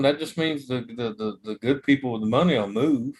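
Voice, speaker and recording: A man's voice: medium pitch, fairly quick, darkish tone, husky. A man chatting casually on a live stream, rambling through stories and laughing often.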